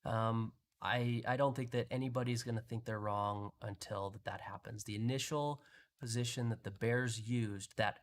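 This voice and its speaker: A man's voice: medium pitch, steady tone, normal speed. A man hosting a live market analysis, talking through charts in a conversational way with frequent restarts. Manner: conversational, explaining with pointing phrases and restarts. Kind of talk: live trading chart walkthrough.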